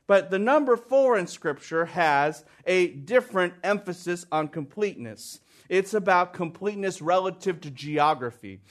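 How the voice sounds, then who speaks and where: A man with a notably high speaking voice delivers a sermon. He builds emphasis by repeating key phrases, dropping low and quiet for his most solemn points. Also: expressive, moderate pace, hardly any pauses. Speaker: preacher.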